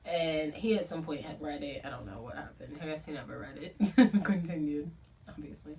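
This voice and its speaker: Chatty young woman, slightly low voice. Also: brisk, crowd noise. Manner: chatty and profane, with lots of "like" and "um". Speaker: book club vlogger. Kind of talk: casual storytelling to camera. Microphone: camera filming herself. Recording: a bit distant from the mic, faint room noise.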